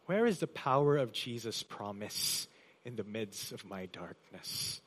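A man pastor preaching a sermon in a church, with emphatic delivery that swells loud on key phrases and drops soft. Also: on the low side, lively intonation, unhurried, a little hiss or hum. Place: church hall.

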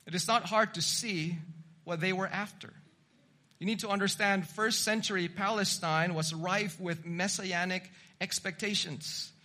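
A man preaching an expository sermon, teaching in a measured way and building to emphatic repetition. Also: high voice, bright, forceful tone.

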